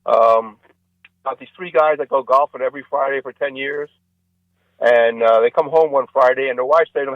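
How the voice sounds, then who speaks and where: A male comedian on a radio interview, telling long jokes and acting out the characters with lively changes of voice. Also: brisk, no echo. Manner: animated joke-telling, acts out characters with rising pitch. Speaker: comedian guest. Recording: dull lo-fi radio sound, dry.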